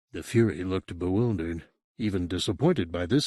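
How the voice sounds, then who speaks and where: A man reading a horror audiobook as narrator, in an expressive storytelling manner. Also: low voice, normal speed, dry recording, studio quality. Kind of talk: scripted narration.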